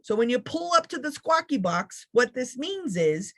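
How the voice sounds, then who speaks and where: A woman giving a motivational keynote talk, speaking in a sarcastic, funny, animated way. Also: high voice, normal speed.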